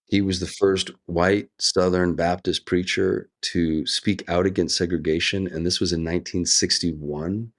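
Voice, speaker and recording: A middle-aged American man speaking as an actor guest in an interview, earnest and reflective, telling stories with drawn-out pauses. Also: sits low, fairly even intonation. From United States.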